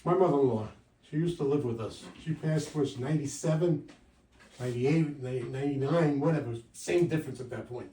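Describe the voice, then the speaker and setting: A man in his sixties doing a stand-up comedy set with wry, punchy delivery, jumping louder for quoted lines. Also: medium pitch, normal speed, a little hiss or hum. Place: comedy club stage. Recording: roomy live sound from a distance.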